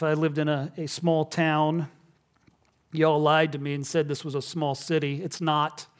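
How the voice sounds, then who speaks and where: A man preaching a sermon, telling stories and dropping to a hush on key lines. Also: on the high side. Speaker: pastor.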